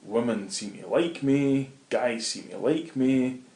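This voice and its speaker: A middle-aged Scottish man, a guest in an interview, telling animated anecdotes in casual talk and swearing freely. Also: medium pitch, slow pace. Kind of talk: casual storytelling. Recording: roomy echo.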